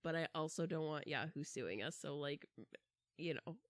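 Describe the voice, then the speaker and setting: A woman co-hosting a podcast in casual chat, animated and quick to exclaim. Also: dry recording. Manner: animated, exclaims, swings pitch widely. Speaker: podcast co-host.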